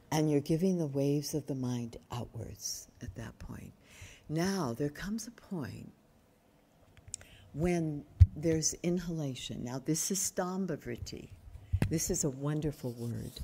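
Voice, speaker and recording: An older woman teaching a yoga workshop in a calm, explanatory way, often asking her listeners questions. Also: low voice, breathy edge. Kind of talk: workshop lecture. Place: retreat workshop room.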